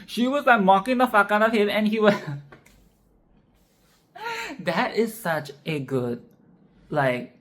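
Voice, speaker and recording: A woman's voice: mid-range voice, slow pace, long pauses. A woman casually discussing a film she loves, emphatic and profane, repeating her points with "okay?". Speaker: film reviewer.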